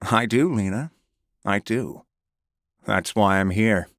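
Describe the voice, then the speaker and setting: A man's voice: on the low side, slow pace, fairly bright tone, no echo, studio quality. A man narrating a first-person audiobook with a menacing, gloating delivery.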